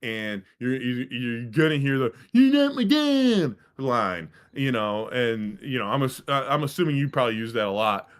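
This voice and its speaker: A man's voice: medium pitch, moderate pace, hardly any pauses, a bit bright, smooth. Rambling, profane man telling a story. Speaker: podcast co-host. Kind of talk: casual sports podcast chat.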